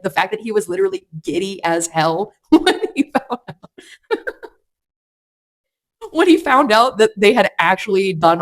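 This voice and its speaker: A woman chatting casually through a book review vlog, rambling with lots of fillers and restarts. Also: fairly low pitch. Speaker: book vlogger.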